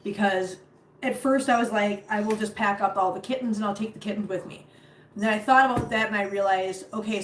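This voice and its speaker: A middle-aged woman chatting casually on a live stream from her home floor, rambling with many fillers and restarts. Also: medium pitch. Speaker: cat rescuer streaming live. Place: home, sitting on the floor among cats. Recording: roomy home recording, faint background hum.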